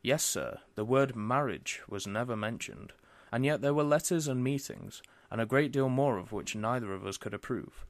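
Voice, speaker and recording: Stern, disapproving father in a storybook reading, a man voicing him, plain mid pitch. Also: moderate pace, few pauses, no room sound, lightly acted. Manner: stern and angry.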